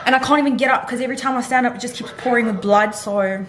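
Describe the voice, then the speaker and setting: A woman's voice: fairly high pitch, fast talker. A young woman, talking casually to camera in a rambling, chatty vlog. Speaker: vlogger.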